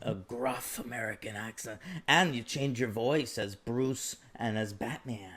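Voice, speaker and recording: A man co-hosts a film podcast in relaxed chat. He speaks at an ordinary pitch for a man, with a dry, sarcastic delivery. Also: a little slow, a crowd in the background. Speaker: podcast co-host.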